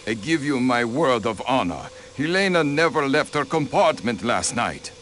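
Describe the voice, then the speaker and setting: An actor voicing a haughty aristocratic diplomat, a count, who answers in a cold, dismissive way, in a video game. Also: male voice, medium pitch, lively intonation, moderate pace, fairly bright tone, a little hiss or hum, lightly acted.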